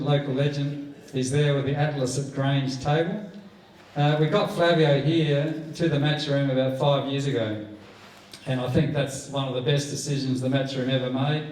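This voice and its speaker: A man in his sixties with an Australian accent, doing rambling stand-up with poker anecdotes in a club room. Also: a little mellow. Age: 60s. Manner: rambling anecdotal storytelling, jumps up high to act out quoted people. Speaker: stand-up comedian. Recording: echoey room heard from a distance.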